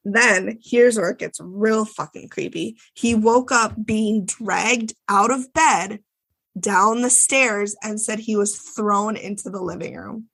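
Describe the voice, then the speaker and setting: Gravelly-voiced woman podcast co-host. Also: medium pitch, takes it slowly, fairly bright tone. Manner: chatty, swears freely, lots of fillers. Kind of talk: casual chat recapping a TV episode.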